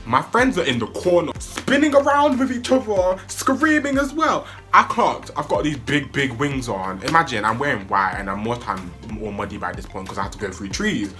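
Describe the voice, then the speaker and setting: Young man, lively storyteller with a bright voice and big swings in pitch. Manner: animated, excitable storytelling with sudden high-pitched yelps. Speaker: vlogger. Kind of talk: storytime vlog.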